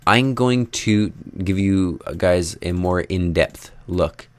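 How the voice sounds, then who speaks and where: A man's voice: sits low, slow. A young man giving casual, rambling commentary over his own gameplay, chatting to viewers and joking about himself. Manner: rambling, self-deprecating, talks to viewers while building. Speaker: Minecraft let's play host.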